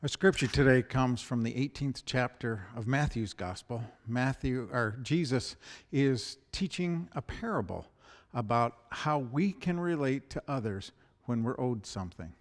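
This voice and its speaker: A man preaching a sermon, reading scripture and telling a fable with animated delivery. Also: mid-range voice, a little slow. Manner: animated storytelling, voices the animals. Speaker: pastor. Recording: long hall reverb.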